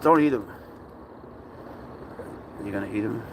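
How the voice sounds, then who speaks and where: A man's voice: lowish voice, a little slow, noisy background. A man filming his cat at an outdoor playground, chatting casually with profane, exasperated banter. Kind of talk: casual vlog chat.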